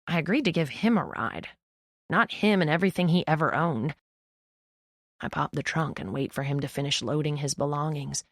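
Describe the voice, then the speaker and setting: A young woman narrating an audiobook in the first person, with wry, deadpan asides, close to the mic. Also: low voice, no room sound.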